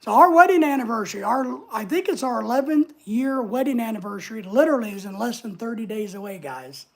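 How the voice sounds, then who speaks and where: A woman hosts a casual livestream in a fairly high voice. She chats easily with her viewers, reading their comments aloud and answering them as she goes. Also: animated, a little fast. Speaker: livestream host.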